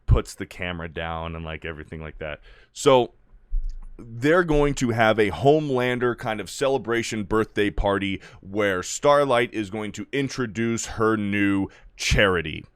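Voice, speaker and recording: A man's voice: lowish voice, a bit bright, smooth, dry recording. A man recapping TV episodes in a casual, rambling and profane way, full of "like". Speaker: video reviewer.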